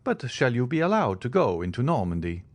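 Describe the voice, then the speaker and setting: A man voicing the mysterious Count, calm and courtly. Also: mid-range voice, fairly quick, no echo. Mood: composed. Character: mysterious wealthy noble count, man, composed.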